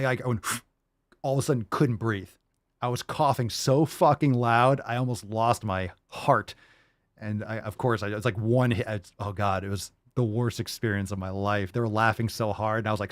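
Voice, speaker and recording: A man's voice: on the low side, dry recording, clean studio sound. A man hosting a casual livestream, answering viewer questions and telling rambling, profane stories.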